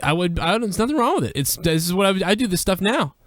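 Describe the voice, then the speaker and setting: A man hosting a casual podcast, talking quickly in a fairly high voice and tossing out blunt, deadpan jokes. The sound is dry, with no room around him. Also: dry recording. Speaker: podcast host taking calls.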